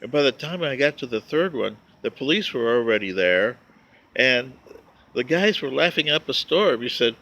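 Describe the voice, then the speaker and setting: A man vlogging, telling a wry, joking story with drawn-out emphasis on his punchlines. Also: mid-range voice, lively intonation, sharp tone. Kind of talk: casual storytelling monologue.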